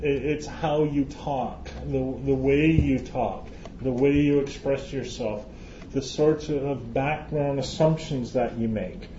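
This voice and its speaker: A man's voice: medium pitch, steady tone, slow pace, mellow, a little hiss or hum. Chatty man lecturing. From Canada. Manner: chatty, joking, restarts phrases often. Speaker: conference speaker. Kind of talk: live lecture to an audience. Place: lecture hall with audience. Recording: roomy, dull hall recording.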